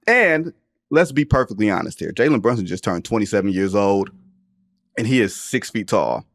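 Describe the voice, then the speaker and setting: Male podcast host, thirties, lowish voice, joking and emphatic. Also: moderate pace, gravelly, no room sound, studio quality. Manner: animated, joking, emphatic slang. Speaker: podcast host, NBA reporter. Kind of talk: casual sports talk.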